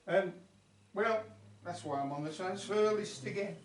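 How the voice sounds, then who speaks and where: A man's voice: high voice, measured pace, slight background noise. A man voicing a boastful, womanising male sheepdog who chats on as he tells his life story, recorded at a folk club. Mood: cheeky. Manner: chatty yarn-spinning, bragging. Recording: roomy club sound from far off.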